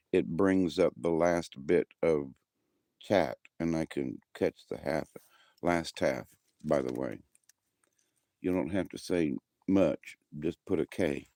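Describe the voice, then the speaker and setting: A man's voice: deep voice, dark tone, dry recording. A man, chatting casually to a live audience outdoors at night in a folksy, meandering way. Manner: folksy and meandering, with frequent restarts. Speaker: livestream host. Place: outdoors at night by his house. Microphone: handheld camera.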